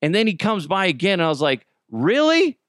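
A Cajun man hosting his own podcast, spinning gossipy, joking stories with the odd curse. His pitch jumps around animatedly from phrase to phrase. The sound is close and dry, with no room around him. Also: fast, no room sound. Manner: animated, joking, profane storytelling. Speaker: podcast host. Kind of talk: casual comedic monologue.

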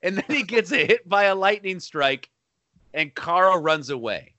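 A man co-hosting a podcast, chatting casually about a film, animated and quick to laugh. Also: high-pitched, dry recording. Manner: animated, laughing, breaks into shouted bits. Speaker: podcast co-host.

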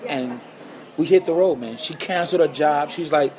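Animated man telling a personal story. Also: on the high side, moderate pace. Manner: animated, repeats phrases for emphasis. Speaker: guest guitarist.

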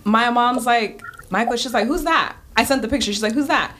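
A young woman races through an animated anecdote, slipping into little voices for everyone she quotes. Her pitch is mid-range, and her speech is packed with "like" and laughter-ready asides. Faint clicks sit under the track. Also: brisk, a little hiss or hum. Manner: animated, acts out quotes with lots of "like". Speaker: in-game host guest. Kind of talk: casual storytelling on a radio show.

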